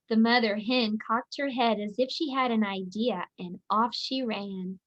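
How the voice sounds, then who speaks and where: Slow, clear woman teacher reading aloud. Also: a little high, fairly bright tone. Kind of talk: reading a picture book aloud. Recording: dull lo-fi audio.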